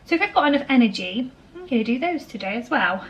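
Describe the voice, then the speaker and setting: A young woman chats away in a casual kitchen vlog, her voice sitting a little on the higher side. She sounds tired and slightly out of breath, yet stays friendly and self-deprecating, often laughing at herself. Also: sing-song, fast, fairly bright tone, muffled recording. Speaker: vlogger, homemaker.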